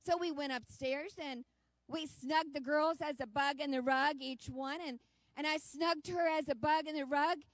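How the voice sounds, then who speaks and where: A woman's voice: sits high, fairly even intonation, normal speed, no room sound. Earnest woman telling a sermon story. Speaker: church speaker. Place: church service.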